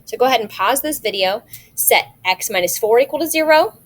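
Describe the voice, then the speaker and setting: A woman's voice: fairly high pitch, animated, brisk. A woman math teacher recording a video lesson, explaining each step patiently and checking in with rhetorical questions.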